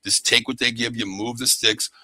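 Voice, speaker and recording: A man hosting a casual sports talk show, animated and excitable, often calling his co-host by name. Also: medium pitch, normal speed, a little hiss or hum, rough recording.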